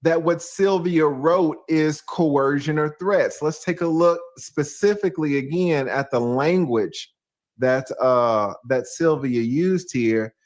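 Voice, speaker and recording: A man giving casual, animated reaction commentary with laughing, slangy asides. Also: a little high, takes it slowly.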